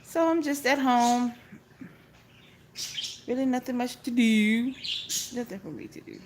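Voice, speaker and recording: A middle-aged woman, chatting casually on a phone livestream from home and greeting each viewer with a high "hey". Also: steady tone, unhurried, background noise. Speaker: vlogger hosting a phone livestream. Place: at home, indoors. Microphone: phone held at arm's length. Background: pet birds chirping.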